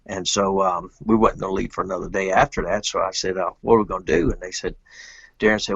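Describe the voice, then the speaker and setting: Man, middle-aged, husky voice, dry muffled call audio, rambling storyteller. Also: low voice, quick pace, no room sound. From Georgia, USA. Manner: rambling, animated anecdote telling. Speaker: guest, pro pool player. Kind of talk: casual storytelling interview.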